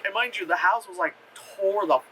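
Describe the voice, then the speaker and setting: A young man recaps a film in loose, profane chatter, full of fillers and excited retellings. His voice sits a bit high and sounds very bright and forceful, with a faint hum behind him. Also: normal speed, rough recording. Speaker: movie reviewer. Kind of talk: casual rambling film review.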